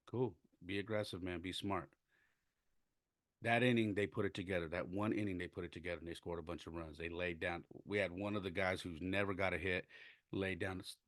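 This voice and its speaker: A man hosting a podcast, telling a story about coaching baseball in a casual, animated way and acting out what people said. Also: deep voice, dry recording, clean studio sound. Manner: animated, acts out quotes with shouts.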